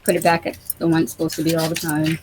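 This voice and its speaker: A woman narrating as game master of a tabletop game in a relaxed, conversational way. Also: deep voice, fast, a crowd in the background, rough recording.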